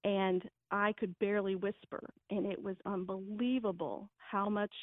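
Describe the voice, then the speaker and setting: A woman's voice: mid-range voice, little pitch movement, a little slow. A woman calls in to a radio show and gives parenting advice. She speaks earnestly and with emphasis. Her voice comes through a thin, tinny phone line with no room echo. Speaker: parenting guest. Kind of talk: radio interview.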